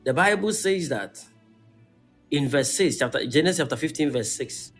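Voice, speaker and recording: A man's voice: on the high side, moderate pace, faint music behind. A man preaching a sermon, reading scripture aloud and checking in with his listeners. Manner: animated.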